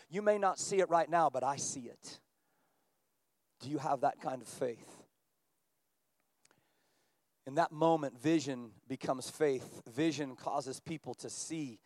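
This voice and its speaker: High-voiced preaching man, dry sound. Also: no echo. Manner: animated preaching, rising in pitch and volume as he builds. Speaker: pastor. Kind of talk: sermon.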